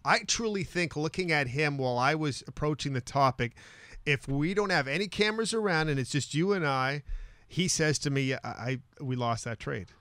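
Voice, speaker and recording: A man's voice: on the high side, animated, moderate pace, pushed and bright, clean tone, no echo. A man co-hosting a sports talk show, giving firm, opinionated takes in casual chat. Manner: opinionated, emphatic. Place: studio.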